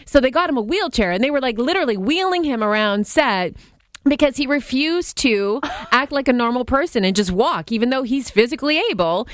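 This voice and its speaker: A woman's voice: a little high, no room sound. A woman co-hosting a radio show, chatty and laughing often as she talks. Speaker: radio co-host. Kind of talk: casual radio chat.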